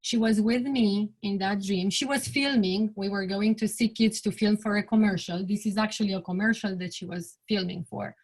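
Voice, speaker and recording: A woman in her forties, a bereaved mother giving an earnest personal testimony. She often pauses, restarts, and lets her sentences trail off quietly. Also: mid-range voice, fairly even intonation, husky.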